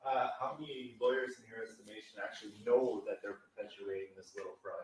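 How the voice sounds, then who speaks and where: A man's voice: on the low side, quick pace. A man taking part in a meeting discussion, chiming in with questions and agreement. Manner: interjecting, agreeing. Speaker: meeting participant. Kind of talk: casual discussion. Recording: roomy, faint background noise.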